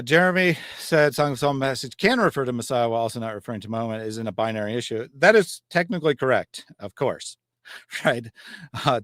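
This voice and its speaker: A man's voice: medium pitch, fairly bright tone, no echo, studio quality. A man hosting a livestream, reading out chat comments and explaining in a conversational, thinking-aloud way. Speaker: channel host. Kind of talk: livestream discussion.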